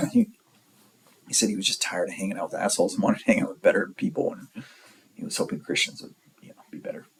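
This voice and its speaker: A man in his forties with a gravelly, husky voice, pitched a little low. He tells a long personal story in a loose, rambling way, blunt and full of profanity. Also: wildly swooping pitch, fast, fairly bright tone, poor audio. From San Diego area, California. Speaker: storyteller vlogger. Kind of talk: casual storytelling.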